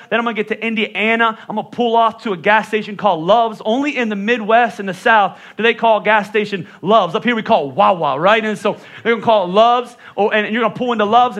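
A man's voice: sits high, fairly bright tone. A middle-aged man with a Northeastern US accent, preaching a sermon as a pastor in a casual, joking manner. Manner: conversational and joking, with playful voice impressions.

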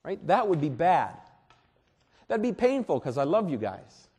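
A man preaching a sermon as pastor at a church service, earnest and deliberate, often repeating words. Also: a little high, sing-song, dark tone, husky.

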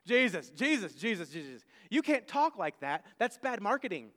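A man's voice: high-pitched, big pitch swings, normal speed, fairly bright tone. A man voicing the apostle Peter as a flustered, pleading adult man in a sermon. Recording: long hall reverb.

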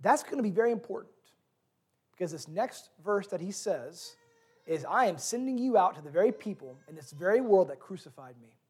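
A man's voice: sits high, animated, fairly quick, husky. A man in his thirties preaching a sermon as pastor, telling stories with earnest, varied emphasis.

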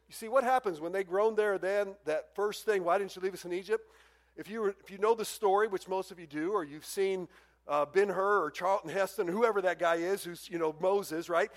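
Preacher, male, high voice, animated delivery with raised acted-out quotes. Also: normal speed. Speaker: pastor. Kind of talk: sermon.

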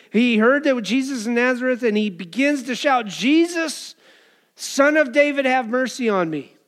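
A pastor preaching a conversational sermon to his church, acting out voices from the story. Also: high voice. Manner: conversational preaching, acts out crowd and beggar voices.

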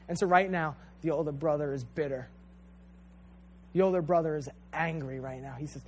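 Man, preacher, sermon, emphatic and repetitive, talks straight to the listeners, slightly high voice. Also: moderate pace, a little mellow, a little hiss or hum. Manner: addresses listeners directly as "you guys".

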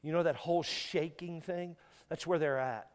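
A guest pastor telling a painful story in a sermon, tearful and halting, stumbling and repeating words as he is moved. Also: fairly high pitch, fairly even intonation, clean tone. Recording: long hall reverb.

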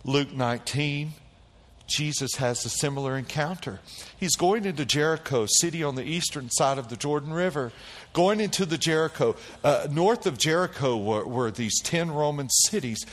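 A man preaching a sermon, calling out to the congregation and swinging between quiet low passages and loud high bursts. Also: moderate pace, long reverb tail. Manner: animated preaching with call-and-response. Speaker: pastor.

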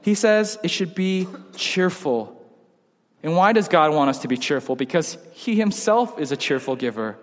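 Young pastor preaching in a reverberant hall. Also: male voice, fairly high pitch, moderate pace. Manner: casual, joking, animated storytelling. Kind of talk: sermon.

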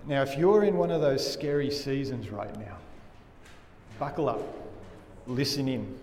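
A man preaching a sermon as a pastor, earnest and emphatic, often dropping his voice low for weight. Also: a little mellow. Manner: earnest, emphatic preaching with dramatic drops in volume. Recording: echoey hall with faint room noise.

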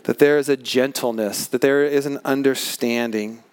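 Smooth-voiced man preaching a sermon. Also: mid-range voice, fairly even intonation, a little mellow, no room sound. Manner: earnest, emphatic preaching with measured slow stresses. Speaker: pastor. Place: large tent.

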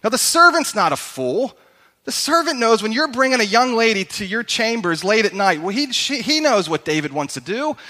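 Brief: high, bright male pastor, storytelling sermon, long reverb of a church hall. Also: big pitch swings, normal speed. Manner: conversational storytelling, calls to the congregation.

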